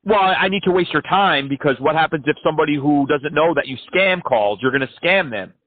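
A man's voice: fairly high pitch, a little fast, no echo, phone-quality sound. A man prank-calling scammers, taunting and cursing them with sarcastic jabs. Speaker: scam-baiting host.

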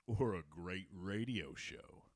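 A man's voice: sits low, animated, slow. A man hosting a casual sports podcast, rambling, swearing and laughing as he talks. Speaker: podcast host.

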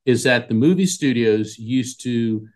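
Man telling a lively anecdote. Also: mid-range voice, measured pace. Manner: animated storyteller acting out quoted voices. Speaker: psychic medium guest. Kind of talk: storytelling in an interview.

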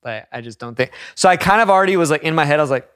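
A young man telling a story in casual chat, animated and profane, acting out the people in it. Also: fairly high pitch, rapid-fire, smooth, no room sound, clean studio sound.

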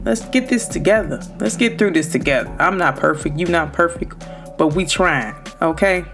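Low-voiced woman podcasting loud and direct, aave, faint music under her. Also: moderate pace. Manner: loud, emphatic and direct, speaking straight to listeners. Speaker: podcast host. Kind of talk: motivational podcast talk.

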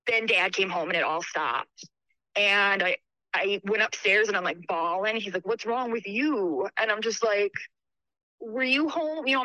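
A woman caller from New York State tells a story in an animated, chatty way, packed with fillers, in a mid-range voice. It's casual storytelling on a call, with a low-quality recording and no echo.

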